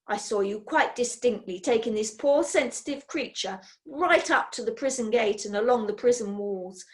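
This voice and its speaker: A woman's voice: fairly high pitch, normal speed, close to an everyday voice. A woman reading a storybook aloud, voicing a scheming, pompous middle-aged male furrier who blusters indignantly.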